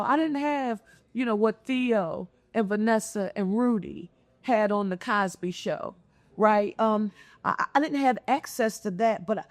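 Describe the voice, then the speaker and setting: A middle-aged woman from Philadelphia talks as a mayor on a panel, her voice pitched a little high and recorded dry and close. She speaks in an expressive, storytelling way with lively intonation. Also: dry recording. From Philadelphia, United States. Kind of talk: conversational panel discussion.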